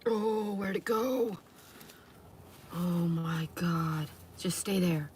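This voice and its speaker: A woman's voice: on the low side, measured pace. Woman, live streamer, casual chat, talks to her dogs, squeamish, faint background noise.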